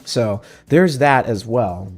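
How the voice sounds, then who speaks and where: A man's voice: mid-range voice, animated, takes it slowly, a little mellow, faint music behind. A man from Texas chats casually on a livestream, answering questions in a laid-back, profane way and often laughing. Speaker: VTuber streamer.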